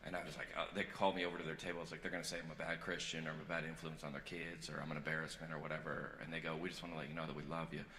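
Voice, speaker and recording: A man doing a stand-up comedy set on stage, rambling and self-deprecating, swinging from earnest confession to loud joking. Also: a bass voice, little pitch movement, very fast, hardly any pauses. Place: large theater on stage. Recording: echoey live hall recording with crowd noise.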